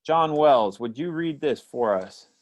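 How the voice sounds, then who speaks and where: A man's voice: medium pitch, animated, unhurried. A man teaching a church Bible study class over a video call, reading scripture aloud and explaining it reflectively.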